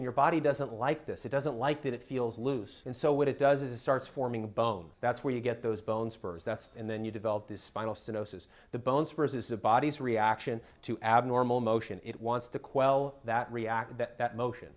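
A spine surgeon, a man, giving an educational talk for patients, explaining step by step and often checking in with "okay?". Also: mid-range voice.

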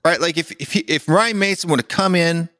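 A man's voice: on the high side, a little fast, pushed and bright, no echo, studio quality. A young adult man co-hosting a podcast in casual chat, talking in an exasperated, rambling way with lots of fillers. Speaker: podcast co-host.

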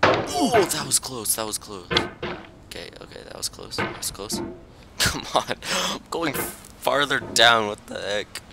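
A young man commenting on his own gameplay, pleading with himself and muttering, with sudden high yelps when things go wrong. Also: very animated, unhurried, creaky. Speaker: gaming channel host. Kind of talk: let's-play commentary. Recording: loud background noise.

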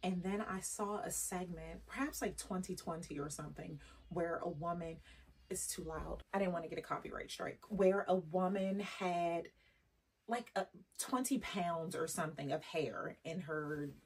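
A woman's voice: lowish voice, normal speed, slightly rough, recorded from a distance. A woman fashion vlogger chatting casually and ramblingly to her viewers, sprinkling in French words.

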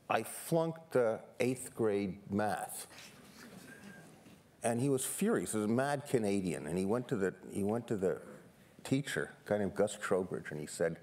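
Older guy from new york, lowish voice, lively self-mocking stage storyteller, lots of restarts. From New York City. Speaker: guest photographer on stage. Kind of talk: humorous stage conversation. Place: seminar stage before an audience.

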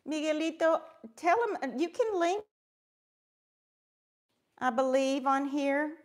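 This crafting streamer speaks slowly in a high, animated voice. Cheerful and warm, she says hello to viewers by name as she keeps working and chatting.

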